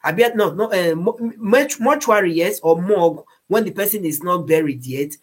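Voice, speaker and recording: Woman, Nigerian accent, husky, earnest moral advice, repeats words, Pidgin phrases. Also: fairly low pitch, expressive, moderate pace. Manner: preachy, repeats words while searching. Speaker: speaker giving moral advice.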